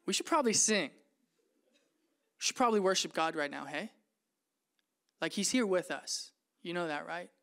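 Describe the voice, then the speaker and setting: A man voicing an imprisoned apostle who speaks in a laid-back, chatty way that turns quiet and earnest. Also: sits high, lively intonation, unhurried, gravelly, pauses often, heavily acted. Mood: calm, earnest. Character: weary, steadfast male apostle in prison.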